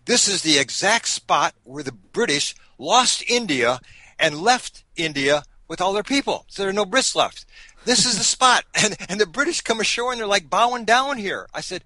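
A man's voice: sits high, moderate pace, no echo. A man telling travel stories in a casual interview, laughing often and restarting his sentences. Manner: animated, laughing storyteller with many restarts. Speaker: podcast guest recounting a sailing voyage.

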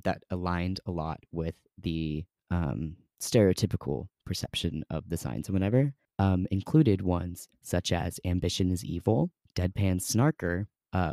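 A man's voice: low voice, dark tone, no echo, clean studio sound. A young man hosting a podcast in a casual, rambling way, full of "um" and "like". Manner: chatty, rambling, many fillers. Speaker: podcast host.

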